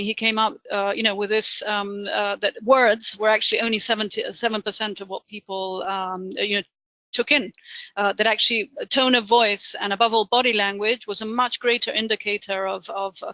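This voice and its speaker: A man giving a career training webinar, talking fast with lots of ums and uhs. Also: sits high, level tone, pushed and bright, dry recording, muffled recording. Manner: talks fast with many fillers. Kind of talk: webinar presentation.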